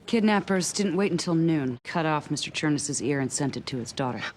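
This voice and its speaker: An actress playing a composed, calm FBI agent. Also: female voice, low voice, a little fast, slight background noise.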